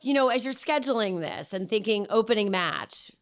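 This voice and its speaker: A woman co-hosting a casual sports talk show, enthusiastic and quick to agree. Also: medium pitch, animated.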